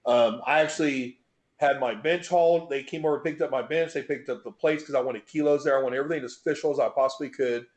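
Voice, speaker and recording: With a mid-range voice and a fast delivery, the middle-aged guest, a bench press record holder, tells his story on an interview show. He swears freely, stays animated, and acts out the moments, all captured with a roomy echo.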